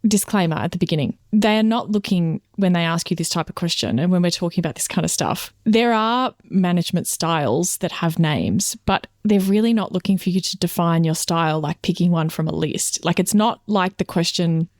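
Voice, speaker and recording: A woman's voice: on the low side, brisk, hardly any pauses, darkish tone, no echo, studio quality. An Australian woman co-hosting a podcast as an interview coach, chatting casually and rambling with lots of fillers.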